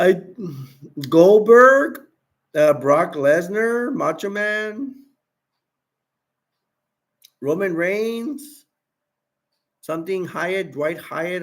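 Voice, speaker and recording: A man's voice: on the high side, gravelly. A tired man hosting a late-night livestream, rambling casually and reading chat messages and wiki text aloud. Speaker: livestream host.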